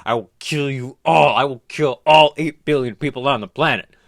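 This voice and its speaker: A man voicing a ten-year-old boy villain who rants threats slowly and deliberately. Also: mid-range voice, creaky, no echo, studio quality, pitched above the performer's own voice, natural voice. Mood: menacing. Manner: slow, deliberate, ranting threats.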